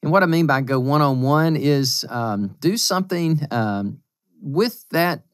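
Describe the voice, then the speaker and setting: A man's voice: medium pitch, dry recording, clean studio sound. A man, a pastor, co-hosting a podcast in casual chat, earnest and emotional, laughing easily as he talks. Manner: earnest, emotional, laughs often, reads aloud with feeling.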